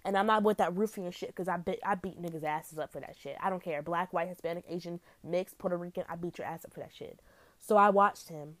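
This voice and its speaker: A young woman hosting a podcast, telling a story in a brash, profane, animated way with big swings in pitch. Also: fast talker, no echo. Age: young adult. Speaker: podcast host. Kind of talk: casual storytelling monologue.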